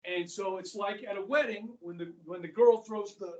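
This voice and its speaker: A man with a high voice and a Kansas accent talks at normal speed while teaching a history class at school. His style is casual and chatty, with regular "okay?" check-ins, and the recording picks him up from far off in an echoey classroom.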